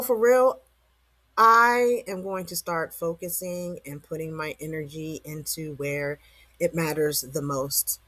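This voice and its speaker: A woman's voice: on the low side, fairly bright tone, no room sound. Woman vlogger, casual slangy motivational rant, close dry mic. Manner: slangy, rambling, rhetorical questions.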